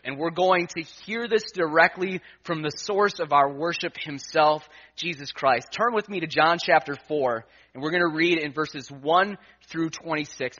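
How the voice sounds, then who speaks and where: A pastor preaching from the pulpit, his voice a bit higher than most men's and bright, even forceful, at its core. He tells a personal story, acting out his own thoughts, and swings from hushed asides to emphatic points. The recording is dull and lo-fi. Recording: dull lo-fi sound.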